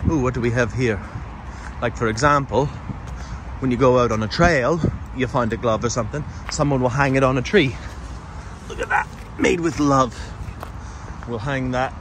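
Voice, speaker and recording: A man giving a casual, chatty walking tour on forest trails near a city, talking loosely and swearing now and then. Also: mid-range voice. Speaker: vlogger. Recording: outdoor background noise.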